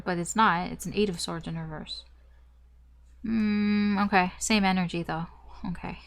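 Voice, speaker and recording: A woman doing a casual tarot reading to camera, rambling with many fillers and restarts, and swearing now and then. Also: fairly low pitch. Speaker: tarot reader.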